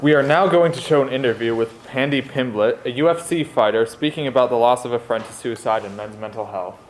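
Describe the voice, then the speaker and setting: A male student introduces the next segment of a school assembly in a plain, read-out way. His voice is at a middle pitch. Faint room ambience sits underneath. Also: a little fast, slight background noise, low-quality recording. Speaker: student presenter. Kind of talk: reading a prepared talk.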